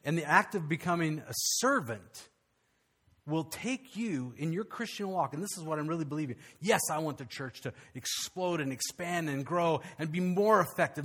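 A male pastor, preaching a conversational, animated sermon with frequent restarts. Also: on the high side, normal speed.

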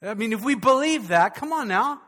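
A man preaching a sermon as pastor, animated and calling out questions to his congregation. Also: very high-pitched, normal speed, in a large hall.

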